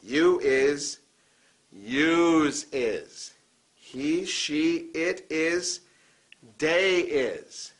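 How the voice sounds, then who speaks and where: A man playing a bossy teacher who lectures on a local dialect in a comedy sketch. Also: a little high. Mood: lecturing. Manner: deliberate, exaggerated lecturing delivery. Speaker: teacher of a comic dialect class.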